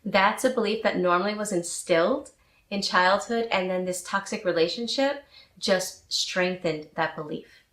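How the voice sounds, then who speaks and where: Woman coach, mid-pitched, measured and earnest, talking to camera in a roomy space. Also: fairly bright tone. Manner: measured, earnest, slows to stress points. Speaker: life coach. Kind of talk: talk to camera on relationships. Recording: echoey room.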